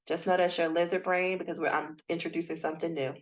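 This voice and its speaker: A woman's voice: on the low side, fast talker. A woman leading a live coaching session for doctoral students. She speaks bluntly and with energy, addressing the group directly over a video call. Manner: lively, blunt, talks straight to the group. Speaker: dissertation coach.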